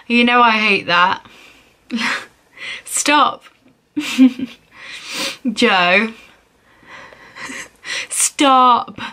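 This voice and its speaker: A woman's voice: fairly high pitch, very slow, long pauses, sharp tone. A young woman vlogging as she plays a phone game, reading messages aloud in a playful, giggly way.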